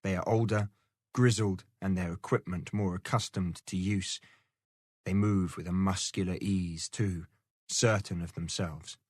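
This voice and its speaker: A man narrating a novel aloud in a steady, measured storytelling manner. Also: low-pitched, slightly rough, no room sound, studio quality. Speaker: audiobook narrator. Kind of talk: scripted narration.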